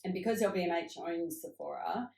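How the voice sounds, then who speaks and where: A middle-aged woman who founded a cosmetics company tells upbeat, reflective stories from her career in a casual interview. Her voice is on the low side, creaky and somewhat dark, and she speaks fairly quickly. The room is echoey.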